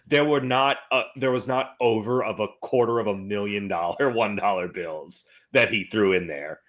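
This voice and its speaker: A man's voice: fairly low pitch, normal speed, a bit bright. A man co-hosting a movie podcast, chatting casually in a blunt, enthusiastic way. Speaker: podcast co-host. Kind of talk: casual chat.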